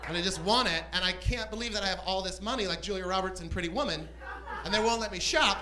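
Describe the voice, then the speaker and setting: A man performing a stand-up set on a comedy club stage, camp and animated, with squealing outbursts. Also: high-pitched, fast, background noise.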